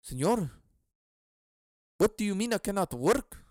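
A man's voice: high-pitched, sing-song, unhurried, darkish tone, no room sound, studio quality, pitched above the performer's own voice. A man voicing an insistent working man with a put-on Mexican Spanish accent. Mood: protesting.

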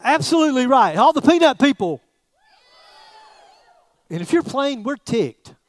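A middle-aged man preaching a sermon as pastor, in a chatty, joking way with pauses and repeated phrases. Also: very high voice, very animated, no room sound.

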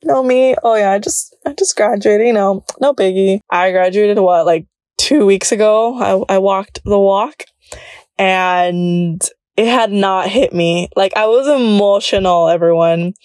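Bubbly and quick to laugh, an early-twenties woman talks through her solo podcast, drifting back and forth between Spanish and English. She speaks at a measured pace in a darkish, medium-pitched voice, and the studio audio is clean with no echo.

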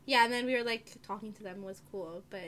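A woman's voice: mid-range voice, fast talker, fairly bright tone. A young woman guest on a podcast, chatting casually with short teasing remarks. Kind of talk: casual chat.

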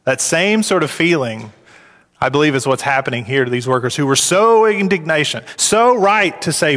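A man preaching a sermon, his voice climbing high and loud when he acts out complaining workers. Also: expressive, normal speed, in a large hall. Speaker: pastor.

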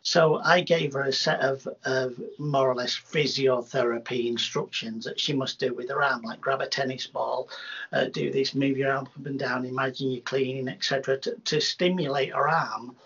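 A man, a hypnotherapist, telling rambling, animated anecdotes in a casual interview, with many restarts. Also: medium pitch, normal speed, slightly rough. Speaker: hypnotherapist guest. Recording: dull lo-fi sound.

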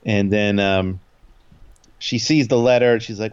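A man's voice: lowish voice, normal speed, darkish tone, dull audio. A man in a casual chat, recapping an episode in a rambling way with many fillers and quoted lines. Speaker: podcast co-host recapping an episode.

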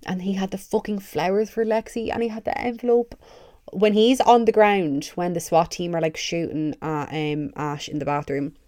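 A young woman hosting a podcast, gushing excitedly and swearing a lot in a casual fan review. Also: on the low side, normal speed, no echo, clean studio sound. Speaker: podcast host.

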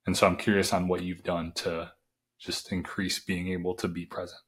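A man's voice: low-pitched, flat delivery, moderate pace, fairly bright tone. A man hosting a podcast, asking a loose, searching question full of fillers. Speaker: podcast host. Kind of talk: interview question.

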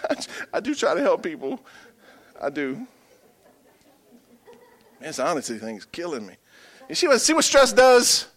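A middle-aged male pastor preaching a sermon, humorous and animated, swinging from hushed asides to emphatic bursts. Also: high voice, moderate pace, long pauses.

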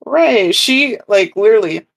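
An enthusiastic co-host with a mid-range voice, chatting casually and warmly backing up the other speaker. The talk is full of exclamations and easy laughter. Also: mid-range voice, lively intonation, measured pace, gravelly. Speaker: podcast co-host. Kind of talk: casual chat.

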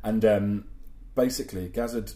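A man's voice: lowish voice, fairly even intonation, normal speed, mellow, reverberant. A young man, a podcast host, telling workplace anecdotes with swearing and laughter. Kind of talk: casual storytelling chat.

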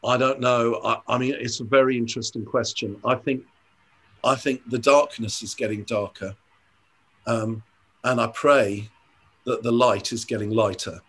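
An older man, a church leader, talking in an interview, earnest and reflective, often pausing and restarting his sentences. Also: mid-range voice, steady tone, fairly bright tone, breathy edge. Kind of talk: conversational interview storytelling.

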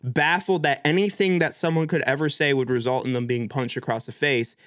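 A young man co-hosting a casual podcast chat, animated and swearing freely. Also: brisk, no echo, studio quality. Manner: animated, swears, mimics others in a high voice. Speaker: podcast co-host.

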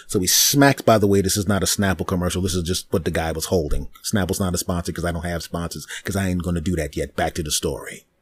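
A man hosting a comedy podcast, telling a story in an animated, repetitive way with mouth sound effects. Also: low-pitched, husky, no room sound. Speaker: podcast host.

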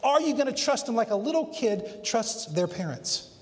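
A middle-aged man preaching a sermon as pastor, acting out quotes dramatically and swinging between loud emphatic peaks and quiet low lines. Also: big pitch swings, normal speed. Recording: long hall reverb.

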